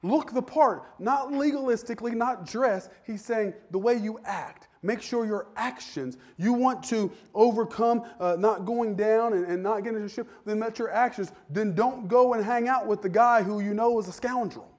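A man, a pastor, preaching a conversational sermon that swells into fervent shouting. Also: high voice, moderate pace, hardly any pauses.

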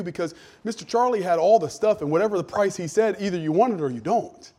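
A pastor preaching a sermon, conversational at first and building to loud, emphatic questions. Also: male voice, high-pitched, expressive, fast talker.

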